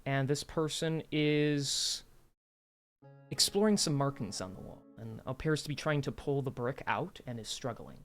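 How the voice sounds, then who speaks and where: A man's voice: mid-range voice, a little slow, faint music behind. A man narrating a tabletop game as game master, jokey and playful.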